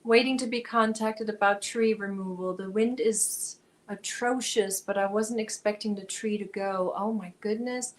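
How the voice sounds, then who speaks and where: A woman's voice: mid-range voice, steady tone, normal speed, few pauses, low-quality recording. A woman hosting a casual crochet livestream, chatting with viewers, reading their comments aloud and talking to her cat.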